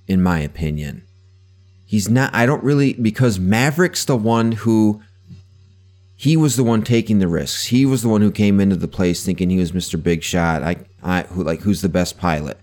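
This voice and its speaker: A young man co-hosting a casual movie podcast, animated and quick to laugh, who often jumps in to interrupt. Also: lowish voice. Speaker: podcast co-host.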